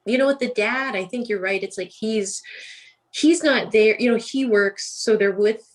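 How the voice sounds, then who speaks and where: A woman guest on a podcast, chatting casually and telling lively stories with frequent laughs. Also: a little high, moderate pace. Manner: laughs often, animated storytelling. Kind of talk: casual chat.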